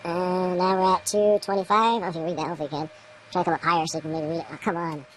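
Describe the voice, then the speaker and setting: Brisk, low-voiced woman for a casual hands-on vlog, thinking out loud and grumbling at equipment. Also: fairly even intonation, a little hiss or hum, poor audio. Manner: rambling, talks to camera while working, mutters at equipment. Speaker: home grower demonstrating light readings.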